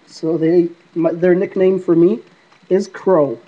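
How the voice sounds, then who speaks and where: Talking slowly, this man's high voice stays fairly even as he rambles to the camera for his paranormal app vlog, replying to spirits nobody can see. The iPod camera mic gives a dull, lo-fi sound.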